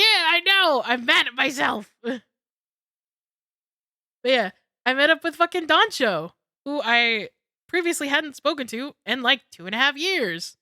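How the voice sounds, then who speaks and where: A young woman streamer telling a story in casual chat, excitable and swearing freely. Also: on the high side, dry recording, clean studio sound.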